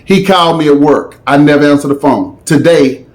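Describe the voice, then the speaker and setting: A man's voice: on the high side, normal speed. A man telling a story in a casual, slangy way, with dramatic asides.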